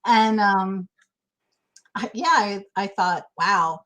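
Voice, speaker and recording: A woman's voice: mid-range voice, takes it slowly, fairly bright tone, poor audio. A middle-aged woman speaking candidly and emotionally as an interview guest, restarting her sentences often. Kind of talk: casual interview chat.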